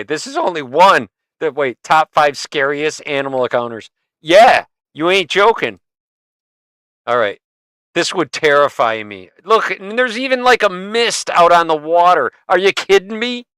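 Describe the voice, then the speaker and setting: A man hosting a livestream, reacting to animal videos with excited yelps, laughs and swearing. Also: fairly high pitch, clean tone, no room sound. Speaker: livestream host reacting to clips. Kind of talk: casual reaction commentary.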